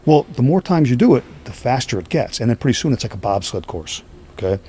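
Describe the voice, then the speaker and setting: A middle-aged man telling stories in a casual podcast chat, animated and checking in with "right?" as he goes. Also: mid-range voice, quick pace, slight background noise. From Northeastern US. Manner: animated, repeats "right?" often, acts out quoted voices. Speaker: podcast guest, strength athlete. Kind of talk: casual storytelling conversation.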